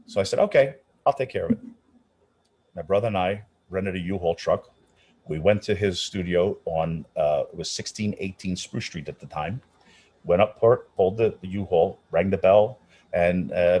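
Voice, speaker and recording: Middle-aged opera guy telling stories, kinda husky and lowish, restarts a lot. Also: a little fast. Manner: animated storyteller, many restarts, acts out quoted voices. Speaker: opera singer, interview guest. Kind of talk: casual storytelling interview.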